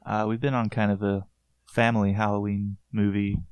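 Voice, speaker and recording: A man's voice: fairly low pitch, little pitch movement, moderate pace, smooth, dry recording. A man in a casual chat, easygoing and thoughtful.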